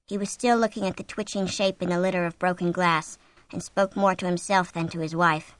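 A woman reading a horror novel aloud as an audiobook, with an expressive, suspenseful delivery on a close mic. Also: on the low side, fairly quick, dry recording. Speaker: audiobook narrator. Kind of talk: scripted narration of a horror novel.

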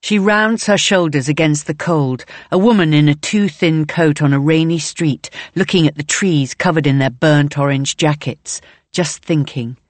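A woman reading a novel aloud in measured, present-tense audiobook narration. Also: deep voice, no room sound.

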